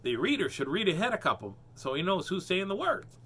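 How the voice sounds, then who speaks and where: A man hosting a storybook reading, animated and cracking puns between pages. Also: sits high, brisk, husky. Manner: animated, punning and joking. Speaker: host reading children's books. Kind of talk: storybook read-aloud with joking asides.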